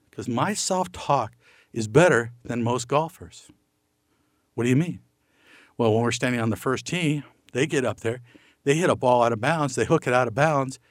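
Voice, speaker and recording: A middle-aged man gives a folksy motivational talk. His voice sits a bit high for a man and comes through dry and close, with no room around it. He keeps asking rhetorical questions and acts out the people in his stories. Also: no echo. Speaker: motivational speaker.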